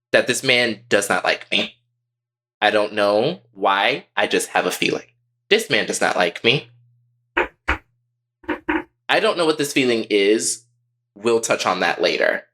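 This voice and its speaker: A man co-hosting a podcast, telling a story in a casual, profane and animated way. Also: medium pitch, slow, long pauses. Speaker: podcast co-host.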